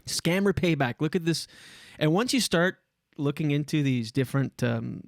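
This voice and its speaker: A man hosting a casual podcast who tells stories animatedly and swears freely. His voice sits a little high for a man. The sound is close and dry on a studio mic. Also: lively intonation, moderate pace, creaky, no room sound. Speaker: podcast host.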